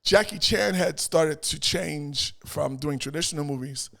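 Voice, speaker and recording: A middle-aged man, telling stories as an interview guest in an animated way, repeating phrases and acting out voices. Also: on the high side, measured pace, gravelly. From New York. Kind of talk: casual storytelling chat.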